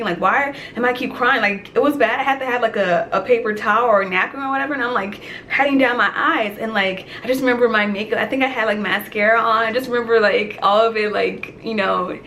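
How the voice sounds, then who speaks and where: A young woman telling a dream story in casual vlog style, animated and chatty, with many "like" fillers. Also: a little high, fairly quick, few pauses, a little hiss or hum. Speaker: vlogger.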